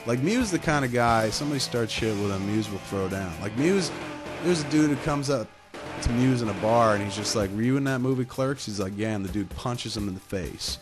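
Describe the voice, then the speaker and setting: A man's voice: medium pitch, lively intonation, fairly quick. A man hosting a podcast and telling a comic story casually, profane and self-mocking, acting out the voices of the people in it. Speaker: podcast host. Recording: music playing behind the voice.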